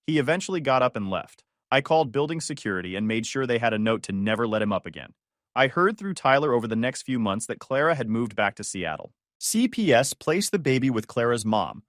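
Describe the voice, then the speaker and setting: Male narrator, measured delivery, animated intonation, dead-dry read. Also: medium pitch, no room sound. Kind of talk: first-person story narration.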